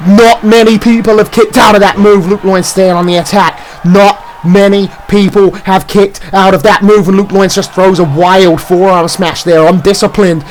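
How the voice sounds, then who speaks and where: A man calling a wrestling match play by play, shouting out near-falls and big moves. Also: sits high, a little hiss or hum, low-quality recording. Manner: rapid move-by-move calls, shouting near-falls. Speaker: play-by-play commentator. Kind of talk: excited wrestling commentary.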